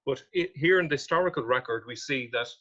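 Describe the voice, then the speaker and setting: A man's voice: mid-range voice, fast talker, fairly bright tone. A man walking listeners through old sources and maps, reading quotations and then asking pointed questions about them. His voice sits in a middling register. The recording sounds dull and lo-fi. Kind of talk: explaining history with slides.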